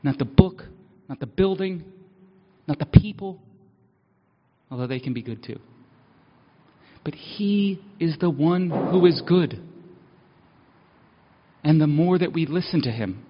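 A man's voice: fairly high pitch, animated, slow pace, pauses often. A man preaching a sermon, candid and self-mocking, speaking earnestly about needing help. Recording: dull sound with long hall reverb.

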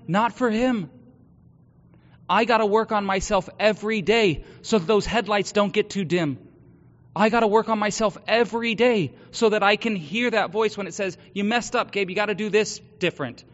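Male pastor, high voice, earnest sermon delivery that drops to a hush then builds loud; dull recording in a reverberant hall. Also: moderate pace, pauses often. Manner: earnest, swings from hushed confession to loud exhortation.

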